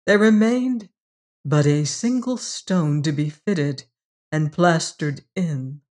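The host of a horror story show, reading a tale aloud in a measured, brooding manner. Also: mid-range voice, a little mellow. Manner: slow, measured, brooding delivery.

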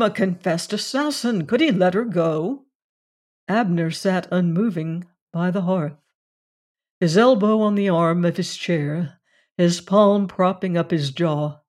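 A reader giving a measured, scripted narration of a classic mystery story. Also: mid-range voice, darkish tone. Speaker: audiobook reader.

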